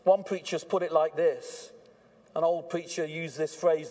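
At an evening church service, a man preaches a sermon in earnest, swinging from hushed warnings to fervent emphasis. His voice is on the high side and his pace moderate.

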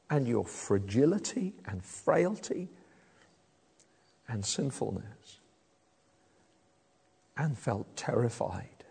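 A middle-aged man preaching a sermon, emphatic, moving between loud declarations and low, hushed lines. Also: vocal fry, slightly rough. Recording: echoey hall from a distance.

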